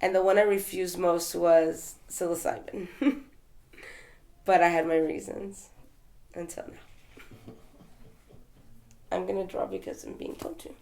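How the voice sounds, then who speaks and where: A woman's voice: lowish voice, level tone, moderate pace, vocal fry, darkish tone. A woman from Texas telling her story as an interview guest, in a rambling, conversational way with fillers and restarts. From Texas, USA.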